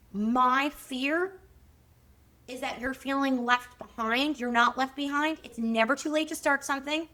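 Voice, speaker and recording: A woman's voice: high-pitched, a bit bright. A woman hosting a solo podcast, talking frankly and reflectively, answering listener questions in a candid monologue. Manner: frank, self-reflective, swears casually. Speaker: podcast host.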